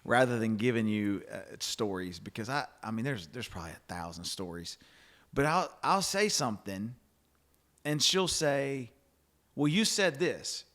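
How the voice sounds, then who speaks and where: A man's voice: on the low side, lively intonation, normal speed, a bit bright. Middle-aged guy hosting a faith chat, rambly, keeps restarting, does the voices when he quotes people. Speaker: podcast host. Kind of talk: casual faith-based chat.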